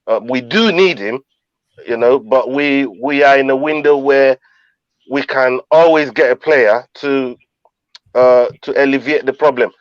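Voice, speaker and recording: A man sharing football opinions on a podcast in a slow, measured way that often restarts mid-sentence. His voice comes through a dull, muffled mic with no room sound at all. He sits at a middle pitch. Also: no echo. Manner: measured, hesitant, many restarts. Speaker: podcast panelist. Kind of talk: casual football chat.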